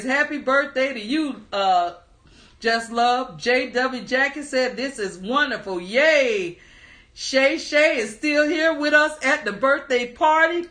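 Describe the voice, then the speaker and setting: A woman hosting a casual livestream, reading viewers' comments aloud with animated, laughing energy. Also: high voice. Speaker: livestream host.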